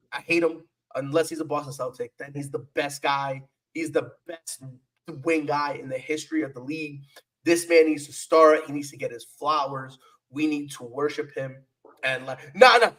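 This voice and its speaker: A man's voice: fairly high pitch, fairly bright tone, rough recording. A man co-hosting a sports podcast, talking in a playful, repetitive trash-talk style. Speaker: podcast co-host. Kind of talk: casual sports chat.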